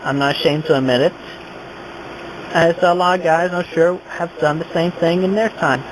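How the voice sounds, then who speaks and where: A man rambling hesitantly in a home vlog, full of pauses and fillers. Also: on the high side, fairly even intonation, background noise. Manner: halting, full of uhs.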